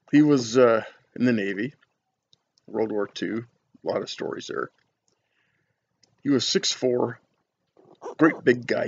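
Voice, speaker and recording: A man's voice: on the low side, gravelly, darkish tone, lo-fi sound, a little hiss or hum. A man reviewing cigars on his vlog, chatting casually and telling rambling, folksy stories full of fillers.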